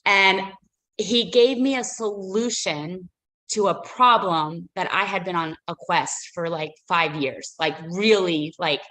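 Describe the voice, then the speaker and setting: A woman's voice: lowish voice, slow, a bit bright, low-quality recording. A woman, a business owner, telling a personal story as a guest on a radio interview, emotional and rambling with many fillers and restarts.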